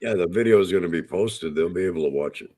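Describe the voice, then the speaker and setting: A man's voice: low-pitched, fast, mellow. A man hosting a casual online chat, talking in a plain, easygoing way. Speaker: host.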